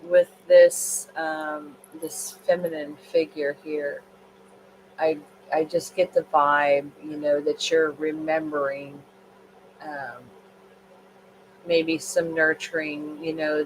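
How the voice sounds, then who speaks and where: A woman's voice: deep voice, little pitch movement, slow pace. Woman card reader, late-night tired, rambling with fillers; noisy livestream audio. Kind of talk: casual livestream card reading.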